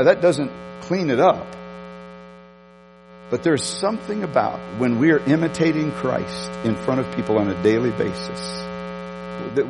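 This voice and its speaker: A man preaching a sermon, telling a story with emphatic repetitions and animated delivery. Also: mid-range voice, in a large hall, background noise. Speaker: pastor.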